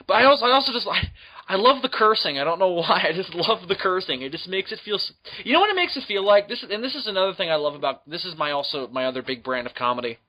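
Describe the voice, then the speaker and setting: A young man co-hosting a podcast in casual chat, animated, laughing often and acting out quoted lines. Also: sits high, quick pace. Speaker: podcast co-host. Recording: dull lo-fi podcast audio.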